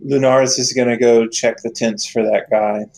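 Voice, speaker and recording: A man's voice: mid-range voice, flat delivery, moderate pace, a little mellow, dry recording. Offhand man playing a tabletop game. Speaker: player. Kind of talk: casual table talk.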